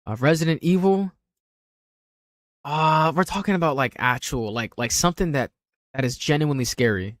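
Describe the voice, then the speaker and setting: A man's voice: a little high, normal speed, pauses often, dry recording, clean studio sound. A man streaming casually, ranking images with blunt, offhand remarks and frequent swearing. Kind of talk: casual livestream commentary.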